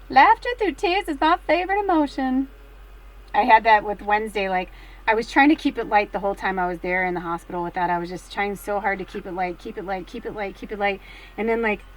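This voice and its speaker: A middle-aged woman reading tarot cards in a casual, rambling chat, full of fillers, swinging between hushed and excited. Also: medium pitch, poor audio. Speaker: tarot card reader.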